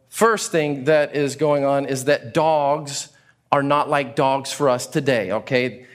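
A pastor preaching a sermon to a congregation, telling stories with acted-out exclamations. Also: male voice, fairly high pitch. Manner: animated storytelling with acted-out exclamations.

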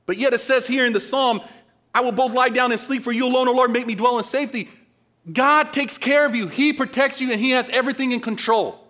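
A man preaching a sermon, animated, acting out panicked voices and asking the audience questions, swinging from loud to quiet. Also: very high-pitched. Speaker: pastor.

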